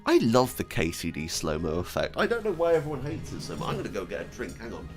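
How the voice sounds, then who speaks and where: A young man chatting casually and excitedly as a streamer, joking and giggling between wishes. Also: on the low side, fast, few pauses, music in the background. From Britain. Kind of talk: casual gaming chat.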